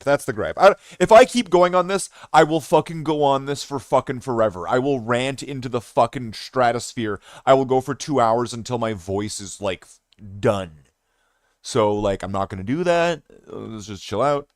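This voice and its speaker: A man hosting a live game stream, talking to his chat in a rambling, profane rant full of restarts. His voice is mid-pitched, smooth and resonant. It is recorded dry and close, with almost no room sound. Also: no room sound. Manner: rambling, heavily profane ranting with many restarts. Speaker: live streamer and gaming host.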